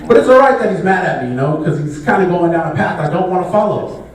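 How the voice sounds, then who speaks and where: A fast-talking Bay Area comic with a high voice and lively intonation works the crowd in a loose, conversational stand-up set. The mic is far off in a large, echoey live venue, and faint noise comes through.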